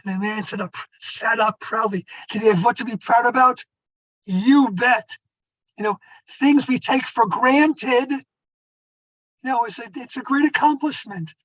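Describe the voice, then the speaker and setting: A man's voice: very high-pitched, a little slow, a bit bright, no room sound, poor audio. An older man, a rabbi, telling stories to an audience in a conversational way, with asides to his listeners. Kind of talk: storytelling talk.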